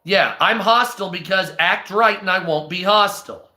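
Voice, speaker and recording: A man's voice: high voice, normal speed, sharp tone, echoey room. A stoned man reading news aloud on a live stream, breaking off into profane, hostile, sarcastic rants.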